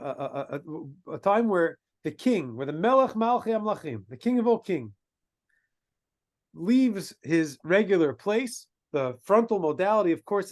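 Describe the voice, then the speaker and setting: Man, rabbi, sermon story, high voice, halting with restarts, hebrew and yiddish words. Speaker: rabbi giving a talk.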